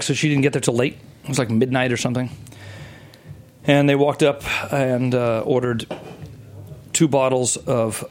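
A middle-aged man guesting on a casual interview, spinning a long, rambling story. His voice sits somewhat low, and he stops, restarts and fills gaps with "uh" as he goes. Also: a little mellow, a little hiss or hum. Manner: rambling, many restarts and fillers.

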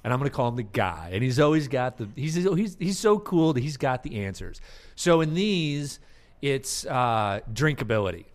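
A man hosting a casual marketing podcast, talking in an animated way and acting out ad characters with laughs. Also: medium pitch, moderate pace. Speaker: podcast host. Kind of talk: casual chat.

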